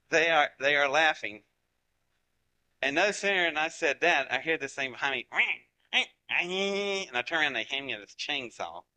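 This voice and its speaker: A man from Ohio in his forties spins a folksy story for a live audience. His voice rings bright and sharp, and he jumps in and out of the voices of the people in his tale. His pitch sits in an ordinary middle range. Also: poor audio. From Ohio, United States. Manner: animated and folksy, acting out what people said. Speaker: speaker giving a talk to an audience.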